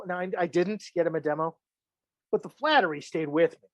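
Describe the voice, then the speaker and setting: A man's voice: sits high, lively intonation, fairly quick, dry recording. A man giving a casual filmmaking lesson, chatty and joking, acting out the reactions he imagines. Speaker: filmmaking instructor. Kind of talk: casual teaching monologue.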